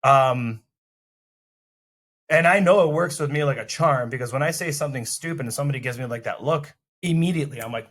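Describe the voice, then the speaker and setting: A man in casual podcast chat, talking animatedly and acting out what people say. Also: mid-range voice. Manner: animated, fast, acts out quoted lines. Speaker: podcast co-host.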